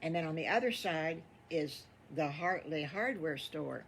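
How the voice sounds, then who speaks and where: A woman's voice: low-pitched, expressive, measured pace, slight background noise. Folksy older woman telling stories. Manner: folksy, rambling, affectionate. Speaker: storyteller. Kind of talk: improvised children's storytelling.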